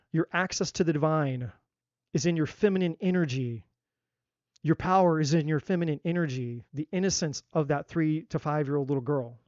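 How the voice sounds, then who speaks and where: A man's voice: on the high side, darkish tone, no echo, dull audio. A man giving a live tarot reading, talking emphatically in a repetitive style and swearing casually. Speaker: tarot reader. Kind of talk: live-stream spiritual talk.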